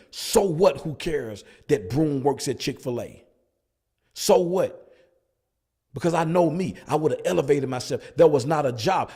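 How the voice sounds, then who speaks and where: A man's voice: a little high, a little mellow, husky. A male pastor preaching at a Bible study, hammering points with repeated rhetorical questions. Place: church.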